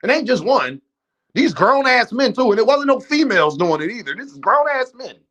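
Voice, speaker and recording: A man with a high voice hosts a live stream in unscripted rant mode. He talks bluntly and profanely, addressing his chat directly and heatedly. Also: big pitch swings, a little fast, a bit bright. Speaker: livestream host.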